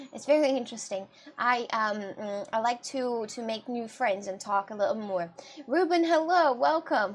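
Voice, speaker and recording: A young woman with a Russian and British mixed accent, chatting casually with her live-stream chat and laughing often. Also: a little high.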